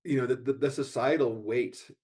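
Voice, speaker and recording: A man's voice: mid-range voice, normal speed, darkish tone, slightly rough. An American man speaking as a podcast guest in an earnest, flowing way. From United States. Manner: earnest, flowing, many "you know" fillers. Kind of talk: casual conversational podcast.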